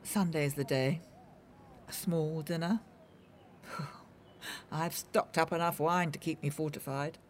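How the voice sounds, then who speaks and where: An actress playing a vain older film star, dramatic and gushing, swinging between sharp and tender. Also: female voice, deep voice, fairly even intonation, slow pace, pauses often, slight background noise.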